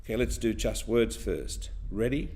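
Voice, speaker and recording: A man's voice: fairly low pitch, expressive, normal speed, a little mellow. A man teaching a class, guiding the pupils step by step through a chanted rhyme with counts and clapping. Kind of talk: classroom rhythm lesson.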